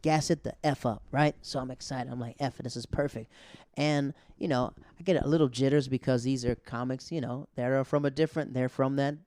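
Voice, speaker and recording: A man's voice: medium pitch, fairly even intonation, a little fast, darkish tone, dry recording. A man hosting his own podcast, a stand-up comic telling a loose, slangy story full of quoted dialogue. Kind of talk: casual storytelling monologue.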